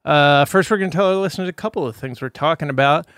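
A man co-hosts a casual comedy podcast with a slightly high voice. He laughs easily and quizzes his guest playfully, recorded close and dry. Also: fast talker, a bit bright, clean tone, no echo. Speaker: podcast co-host.

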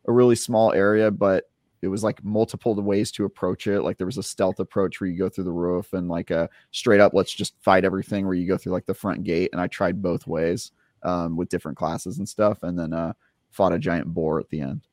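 A man co-hosting a casual gaming podcast, chatty and quick to laugh. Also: sits low, steady tone, darkish tone, dry recording, studio quality. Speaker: podcast co-host. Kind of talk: casual chat.

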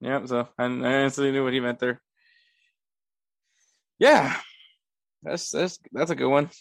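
A man's voice: medium pitch, measured pace, creaky, no echo, clean studio sound. A man hosting a casual sports podcast, laughing often and poking fun at himself. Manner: laughs often, self-mocking. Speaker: podcast host.

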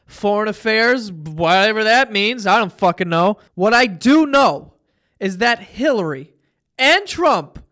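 A man's voice: sits high, a bit bright. Profane, exasperated man ranting on a podcast. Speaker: podcast host. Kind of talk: casual solo podcast rant.

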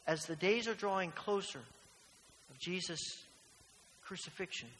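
A man's voice: high-pitched, measured pace, fairly bright tone. A man preaching a sermon as pastor, earnest and questioning, often repeating phrases. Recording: long hall reverb, faint hiss.

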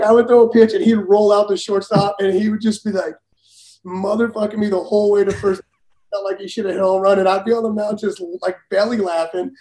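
High-voiced, laughing former pitcher. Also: male voice, warm tone, reverberant, poor audio. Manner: blunt, profane, laughs while telling stories. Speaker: former major league pitcher, guest. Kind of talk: casual storytelling.

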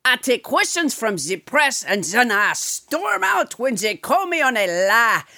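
Comic impression: woman voicing a boastful fake-French male president, bright and lively. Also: fairly high pitch, a little slow, no echo, clean studio sound, exaggerated voice. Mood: blustering. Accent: put-on French. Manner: blustering, boastful, mock-indignant. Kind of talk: comedic impression.

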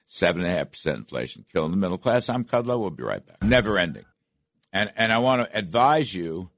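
A man's voice: lowish voice, no echo. An older man hosting a talk radio show, delivering emphatic, repetitive political commentary from a studio. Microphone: studio microphone.

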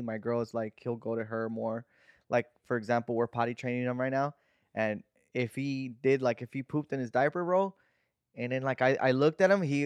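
A man's voice: mid-range voice, clean tone, dry recording. Slangy young man, dry close sound. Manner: loose slangy banter, drops into playful voices when quoting. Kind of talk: casual chat.

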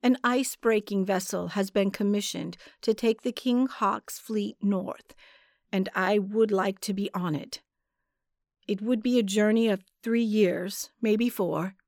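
A woman's voice: medium pitch, steady tone, measured pace, darkish tone, no room sound, clean studio sound, natural voice. A woman voicing a weary, bound male sailor who speaks in a pleading, resentful way.

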